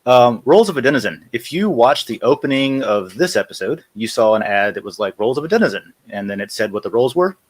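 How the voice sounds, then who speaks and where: A man's voice: mid-range voice, lively intonation, brisk, hardly any pauses. A man hosting a casual live-stream chat, walking viewers through a website demo and correcting himself as he clicks through screens. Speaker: host.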